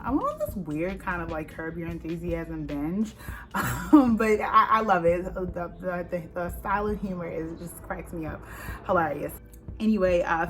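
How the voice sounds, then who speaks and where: A woman YouTuber answering Q&A questions in a casual, chatty way, full of fillers and quick laughs. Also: on the low side, a bit bright. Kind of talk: casual Q&A vlog.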